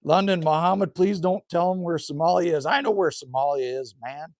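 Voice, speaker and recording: A middle-aged Canadian man with a slightly hoarse voice, hosting a live stream from a cabin and chatting casually with viewers in a folksy way. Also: fairly high pitch, a little fast, no room sound, clean studio sound. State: a little hoarse. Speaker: livestream host reading chat. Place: rural cabin indoors.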